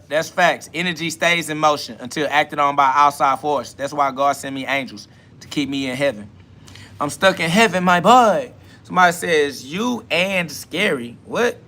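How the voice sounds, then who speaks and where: Blunt, bright-voiced man preaching on a live podcast. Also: a little high. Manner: blunt, profane, preachy, repeats "facts"; answers chat comments aloud. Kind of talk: live self-talk podcast monologue.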